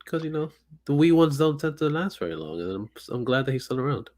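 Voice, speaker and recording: A young man co-hosting a podcast, laid-back and swearing freely, chiming in with quick agreement. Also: medium pitch, sing-song, darkish tone. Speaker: podcast co-host. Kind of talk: casual chat.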